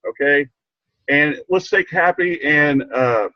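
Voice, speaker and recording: On a video call, an older man gives an emotional personal testimony as a training participant, stumbling, repeating himself, and getting choked up. His voice is a little high and slow, captured in a dry, lo-fi recording.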